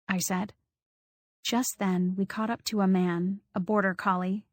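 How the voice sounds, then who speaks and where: A woman narrating a first-person audiobook, telling the story in a measured, wry way. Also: medium pitch, level tone, darkish tone, dry recording, clean studio sound.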